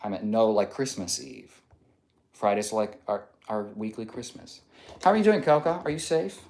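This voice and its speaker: A man's voice: on the low side, lively intonation, moderate pace, vocal fry, a little mellow. A man reading out chat comments on a casual live stream, joking and laughing often. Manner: playful, laughs often, reads comments aloud.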